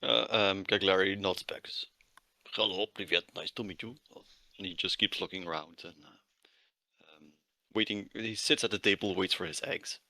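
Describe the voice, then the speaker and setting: A man playing a tabletop game, describing his character in a hesitant, halting way. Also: low-pitched, fairly even intonation, gravelly, pushed and bright, no echo. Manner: hesitant, many fillers and restarts. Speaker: player.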